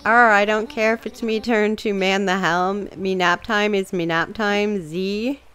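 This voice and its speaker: A woman's voice: medium pitch, steady tone, a little slow, fairly bright tone, smooth, natural voice. A woman voicing a sleepy, blustering male seagull pirate captain, reading game dialogue aloud with pirate talk and growled arrs.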